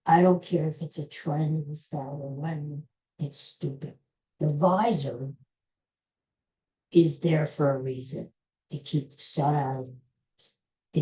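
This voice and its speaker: A woman's voice: sits low, dark tone. A woman hosting a solo podcast, ranting in a grumbling, indignant way. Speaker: podcast host. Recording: roomy echo.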